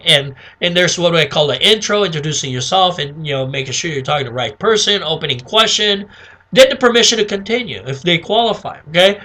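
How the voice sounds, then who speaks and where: A high-pitched man runs a casual sales lesson. His voice is bright and forward, and he keeps checking in with "okay?" while acting out little phone calls. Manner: chatty, repeats "okay?", acts out sample phone calls. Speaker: sales trainer. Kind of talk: casual instructional talk.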